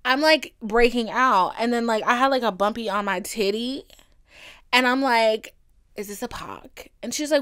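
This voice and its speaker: A young woman hosts her own comedy podcast and tells stories with sass and plenty of swearing. She has a bright, sharp voice that sits a little high. She swings from loud exclamations down to hushed, secretive whispers. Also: normal speed, clear, resonant tone. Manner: profane, sassy storytelling. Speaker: podcast host. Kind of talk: comedic solo podcast monologue.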